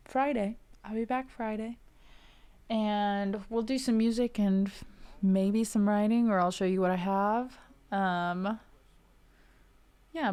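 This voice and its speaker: A woman's voice: medium pitch, mellow, clean tone. A woman music streamer chatting casually and affectionately with her viewers, laughing often.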